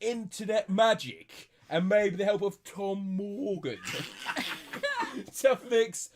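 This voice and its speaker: A man co-hosting a casual comedy session, excitable with giggly interjections. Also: sits high, takes it slowly. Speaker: podcast co-host. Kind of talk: casual comedic group chat.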